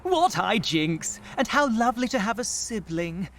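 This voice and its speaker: A man's voice: sits high, sing-song, a little slow, fairly bright tone, slight background noise, exaggerated voice. An actor playing a prim, genteel male documentary presenter in a comedy radio play, plummy and twee in manner. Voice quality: plummy and quaint. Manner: twee, exclamatory and fussy.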